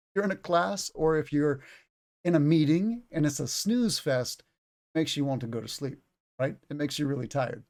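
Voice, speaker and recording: Guy in his 30s teaching english words on a stream, chatty, tells little stories, voice sits a bit high. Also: lively intonation, normal speed, a little mellow. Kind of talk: livestreamed vocabulary lesson.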